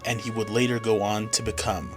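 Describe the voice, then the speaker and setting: A man's voice: lowish voice, level tone, brisk. A young man giving blunt, self-mocking commentary as a music reviewer in a casual vlog.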